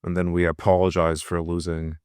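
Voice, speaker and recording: A man's voice: low-pitched, completely flat delivery, brisk, clean tone, dry recording, clean studio sound. A man who fights, speaking thoughtfully and candidly in a casual podcast conversation. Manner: thoughtful, candid, with soft laughs.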